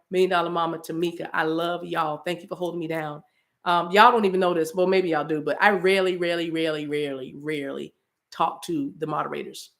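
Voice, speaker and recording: A woman hosting her own livestream, signing off to her viewers in a rambling, affectionate way that repeats phrases. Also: lowish voice. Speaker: channel host. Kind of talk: casual livestream sign-off.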